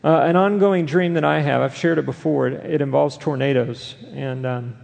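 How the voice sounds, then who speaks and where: A man's voice: a little high, fairly even intonation, moderate pace, vocal fry, darkish tone, big-room sound. A man preaching an earnest sermon as a pastor, often tossing in a rhetorical "right?" to the congregation.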